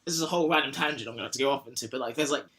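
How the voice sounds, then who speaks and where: A young man with a mid-range voice hosts a casual podcast in a racing, bright, forceful tone. He rambles and jokes, now and then sliding into silly put-on voices.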